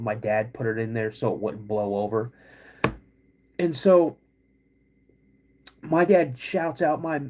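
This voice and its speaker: A middle-aged man hosting a podcast, telling a personal story in an animated way, acting out quoted voices and calling his listeners "guys". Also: medium pitch. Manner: acts out quoted voices of his dad and himself. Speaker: podcast host.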